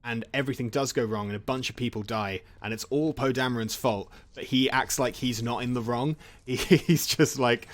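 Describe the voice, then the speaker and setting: A man rambles through a casual plot recap while he plays a game. He jokes, restarts and laughs often. His voice sits at an ordinary middle pitch. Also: fairly even intonation, a little fast. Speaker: gaming channel host.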